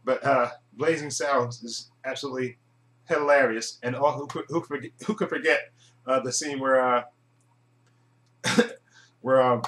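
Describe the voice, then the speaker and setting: A man giving a casual, rambling movie review monologue, chuckling often and filling pauses with "uh". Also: mid-range voice, steady tone, fairly bright tone. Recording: echoey room.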